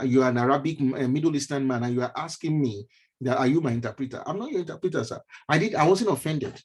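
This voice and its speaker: His voice is medium in pitch, husky and a little mellow. The man, a neurologist, delivers a motivational teaching talk with slides on an online stream, chatting like a mentor, circling back to key phrases and adding offhand remarks.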